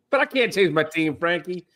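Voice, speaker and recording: A man with a high, lively voice that leaps up and down as he jokes around. He trades jabs with his co-hosts in loose sports banter. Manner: teasing, laughing, animated swings in pitch. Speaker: podcast co-host. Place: lives in Houston.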